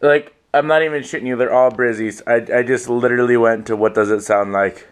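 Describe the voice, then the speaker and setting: A man's voice: mid-range voice, fairly even intonation, brisk, clear, resonant tone. A young man vlogging casually on his own at home, rambling and self-mocking, swearing freely. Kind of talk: casual solo vlog.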